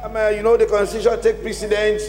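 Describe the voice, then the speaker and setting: Very high, halting man in parliament. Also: monotone, darkish tone, roomy sound. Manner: halting, full of "I mean" fillers. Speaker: member of parliament. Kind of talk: parliamentary debate. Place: parliament chamber.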